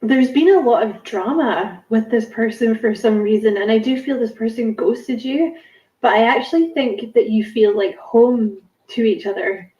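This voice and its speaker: A woman's voice: on the high side, moderate pace, dark tone, echoey room, rough recording. A woman giving a casual spiritual card reading to camera, musing and rambling with many fillers and self-corrections. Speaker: tarot card reader.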